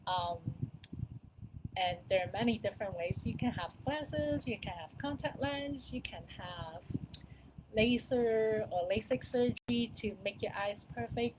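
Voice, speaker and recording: A woman's voice: on the high side, animated, normal speed, background noise. Chatty middle-aged woman coaching parents. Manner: chatty, repeats herself, laughs softly. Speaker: wellness coach talking to parents. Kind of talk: casual advice talk to camera.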